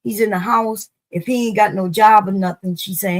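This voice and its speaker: Gravelly woman arguing her point. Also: mid-range voice, animated, moderate pace, few pauses, rough recording. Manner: argumentative, questioning, casual. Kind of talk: casual panel debate.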